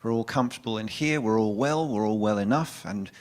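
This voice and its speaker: Chatty man in his forties, lowish voice. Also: fairly quick. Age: 40s. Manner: candid and chatty, often restarting his sentences. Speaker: guest spiritual speaker. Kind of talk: conversational church talk. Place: church.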